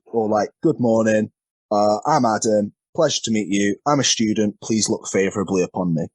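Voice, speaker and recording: A man with a lowish, slightly mellow, husky voice speaks at a normal pace in a dry recording. He's a wrestler being interviewed, telling rambling, self-deprecating stories and frequently tripping over his words in casual storytelling.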